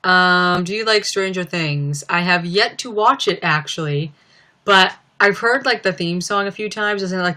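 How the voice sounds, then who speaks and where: A woman's voice: on the low side, normal speed, sharp tone. A young woman chatting casually on a livestream, answering viewers in a giggly, rambling way full of fillers.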